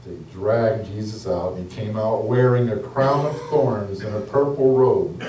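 A man leading a church service as pastor, making slow, deliberate declarations and retelling a scripture story as a sermon. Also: on the low side, mellow, a little hiss or hum. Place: church hall. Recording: roomy hall from a distance.

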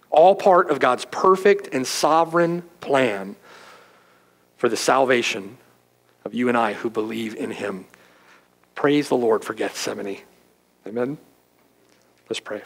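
A man preaching an expository sermon as pastor, emphatic and often asking "right?", then praying in a hushed, slow voice. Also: medium pitch, lively intonation, vocal fry, rough recording. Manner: hushed, slow in closing prayer.

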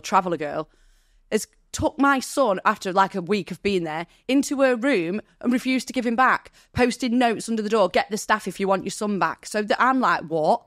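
A woman's voice: mid-range voice, no echo, clean studio sound. Woman telling a raw personal story. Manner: candid, vivid retelling with quoted dialogue; emotional, near tears. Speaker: podcast guest.

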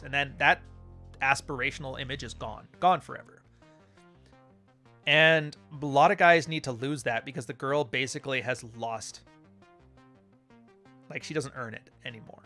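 A man's voice: mid-range voice, sharp tone. A man hosting a podcast, telling stories in a blunt, profane, casual monologue. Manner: blunt and profane, storytelling with acted-out quotes. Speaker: podcast host.

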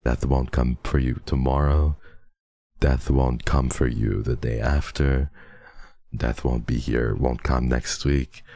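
A man with an extremely low voice chats with his stream audience, stuffy and sniffling from a cold. He is playful and teasing and laughs often. The sound is close and dry, with no room around it. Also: fairly even intonation, takes it slowly, vocal fry, mellow, dry recording. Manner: playful, teasing, laughs often, mixes in Tagalog and Korean endearments. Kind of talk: casual chat with chat readers.

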